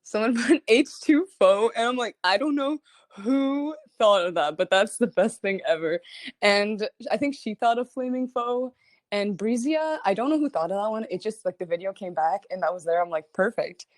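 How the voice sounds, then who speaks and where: A woman's voice: mid-range voice, animated, moderate pace, no echo. A young woman singer chatting casually on a livestream, rambling and giggling, full of "like" fillers. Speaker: singer hosting a streaming listening party.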